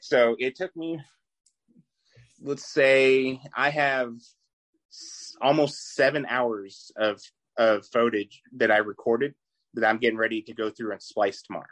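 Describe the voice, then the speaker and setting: A man co-hosting a casual podcast, talking in a relaxed, laid-back way with small chuckles. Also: mid-range voice, unhurried, no echo, low-quality recording. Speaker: podcast co-host. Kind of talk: casual chat.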